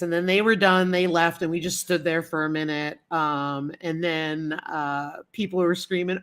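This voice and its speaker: A woman's voice: fairly low pitch, fairly even intonation, normal speed, hardly any pauses. A woman hosting a casual livestream, chatting in a rambling way and greeting viewers in the chat. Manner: chatty, greets viewers and answers chat comments as she talks; rambling storytelling with many fillers and repeats. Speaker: livestream host.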